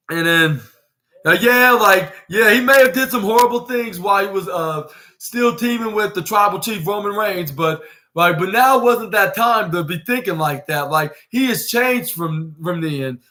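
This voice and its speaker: A man's voice: high-pitched, expressive, moderate pace, bright, forceful tone. A young man hosting a podcast, recapping wrestling in a rambling casual way, full of fillers and acted-out quotes. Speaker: podcast host.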